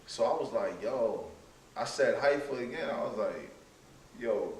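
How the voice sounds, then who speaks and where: A man guest on a podcast, telling stories in a relaxed, casual way and often dropping "yo". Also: mid-range voice, measured pace, recorded from a distance. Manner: laid-back storytelling, says "yo" a lot. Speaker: guest artist. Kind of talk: casual chat. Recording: roomy sound, a bit off-mic, faint room noise.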